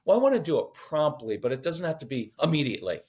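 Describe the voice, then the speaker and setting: Animated man giving parenting advice. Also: a little high, quick pace. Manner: animated, acts out quoted voices, jokes. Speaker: parenting podcast guest. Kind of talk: conversational teaching.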